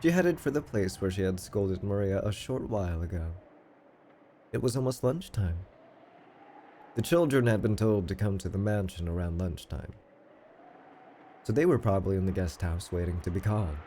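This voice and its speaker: Man reading a story aloud, lively pitch. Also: moderate pace, pauses often, a little hiss or hum. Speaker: streamer. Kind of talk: reading a visual novel aloud.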